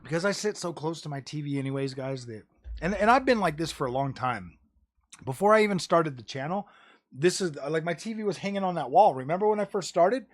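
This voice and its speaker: A man's voice: fairly high pitch, expressive, fairly quick. Chatty, slangy male gaming streamer. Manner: rambling, says "dude" and "bro" often, swears casually; jokey, drops into mocking voices. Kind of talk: casual livestream chat.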